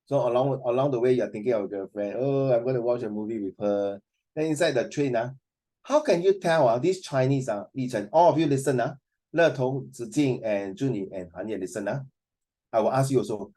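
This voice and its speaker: A man's voice: medium pitch, a little fast, dark tone. A middle-aged male teacher with a Singaporean accent leads a classroom discussion, teasing his students and calling on them by name. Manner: teasing, mixes English and Mandarin, calls on students by name.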